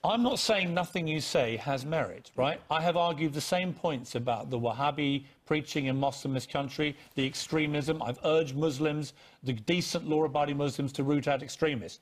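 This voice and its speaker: A man's voice: on the high side, normal speed, hardly any pauses. A man presenting a live TV show in a studio, pressing his guest with pointed questions and cutting in during a heated debate. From Sussex, England.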